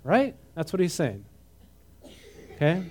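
A man with a fairly high speaking voice leads a conversational sermon. He moves between reading scripture and lively comments of his own, often checking in with his listeners. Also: normal speed. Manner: animated, asks the audience questions, mixes reading with comment. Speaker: preacher teaching a Bible passage.

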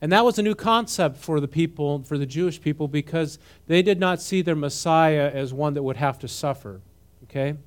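A man with a fairly high speaking voice leads a conversational sermon. He moves between reading scripture and lively comments of his own, often checking in with his listeners. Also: normal speed, hardly any pauses, clean tone. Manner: animated, asks the audience questions, mixes reading with comment. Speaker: preacher teaching a Bible passage.

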